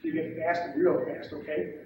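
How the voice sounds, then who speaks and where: A man's voice: fairly high pitch, level tone, normal speed, warm tone. A man teaching commodities trading in a seminar lecture, emphatic and repetitive, often checking in with "okay?". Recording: echoey room, distant mic, dull lo-fi, faint hiss.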